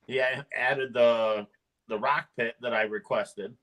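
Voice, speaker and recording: A man's voice: mid-range voice, fairly even intonation, a little slow, a bit bright, rough recording. A man chatting casually with friends, enthusiastic and laughing as he talks. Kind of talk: casual chat.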